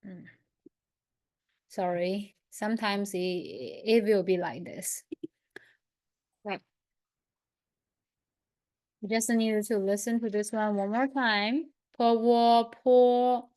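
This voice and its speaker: A woman teaching an online lesson, leading slow, patient pronunciation drills and repeating each sound. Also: medium pitch, a little mellow. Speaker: language teacher.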